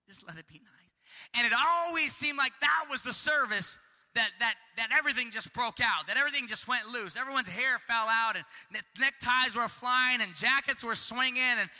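Fervent high-voiced male preacher. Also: in a large hall. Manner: fervent, repetitive, builds to shouting. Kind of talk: sermon.

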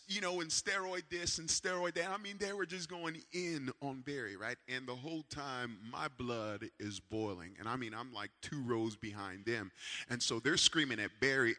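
A man preaching a sermon with a personal story, animated, swinging from loud calls to hushed asides. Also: mid-range voice, moderate pace, in a large hall. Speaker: pastor.

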